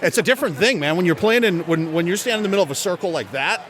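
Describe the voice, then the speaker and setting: A man, a comedian and bass drummer, chatting casually in an outdoor beer tent, laughing and rambling as he tells stories. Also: lively intonation, rapid-fire, a bit bright, a little hiss or hum. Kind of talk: casual chat.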